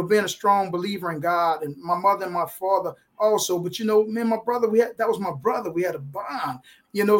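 A man speaking as a guest author on a live feed, giving an emotional, preachy motivational talk that leans on sports metaphors. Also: high-pitched. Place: live online video feed.

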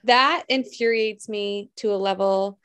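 A woman's voice: medium pitch, unhurried, a bit bright, clean tone. A woman co-hosting a podcast, responding sympathetically and asking questions in casual chat. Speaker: podcast co-host.

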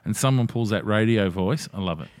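A man co-hosting a casual podcast chat, blunt, excitable and quick to swear. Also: lowish voice, no echo, studio quality. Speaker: podcast co-host.

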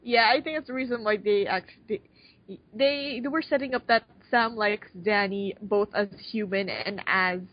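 A woman's voice: mid-range voice, moderate pace. A young woman in casual chat, blunt and profane, mocking the characters she talks about. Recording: dull lo-fi sound.

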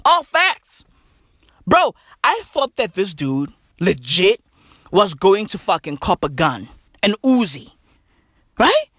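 A woman's voice: medium pitch, very animated, slow, long pauses, a bit bright, breathy edge, no room sound, clean studio sound. A woman from Africa, delivering a profane, slang-heavy comedic rant that keeps checking in with "right?". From South Africa.

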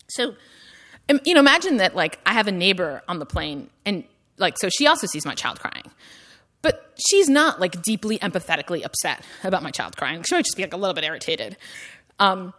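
A woman's voice: mid-range voice, a bit bright. A woman giving a university lecture in a conversational style, full of "like" and "right?" tags and rising emphasis on her questions.

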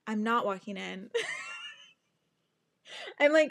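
Slow-talking young woman, animated storyteller. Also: mid-range voice, creaky. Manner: animated, swears often, breaks into laughs and sing-song asides. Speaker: podcast host. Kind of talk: casual storytelling monologue.

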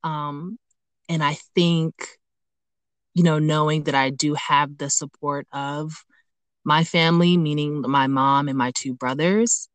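Low-voiced woman podcast host, reflective. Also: fairly even intonation, takes it slowly, no echo. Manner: reflective, searching for words with frequent ums. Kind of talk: conversational interview.

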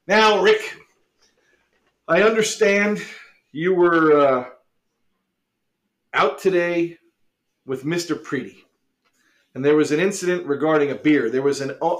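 A man's voice: fairly high pitch, lively intonation, a little slow, pauses often. A man hosting a casual podcast, joking around in a mock sportscaster way and laughing often. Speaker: podcast host.

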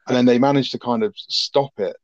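A man's voice: mid-range voice, brisk, no room sound, highs cut off. A man co-hosting a podcast, rambling and swearing cheerfully as he recaps a film. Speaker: podcast co-host. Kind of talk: casual film review chat.

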